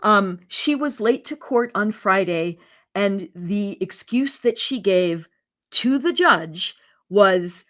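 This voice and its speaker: An animated woman guest in a casual interview on a video call. Her voice sits at a mid pitch and carries an incredulous edge as she talks. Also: takes it slowly. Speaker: guest commentator.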